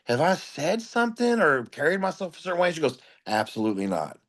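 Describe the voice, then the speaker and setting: A man's voice: sits high, big pitch swings, brisk, fairly bright tone. Blunt, profane man with a raised voice. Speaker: guest comedian. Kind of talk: candid interview storytelling.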